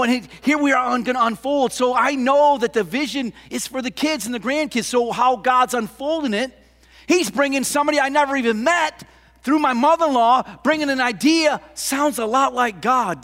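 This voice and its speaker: An older man preaching a sermon as pastor, impassioned, with rhetorical questions, swinging between loud lines and hushed ones. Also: very high voice. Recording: long hall reverb.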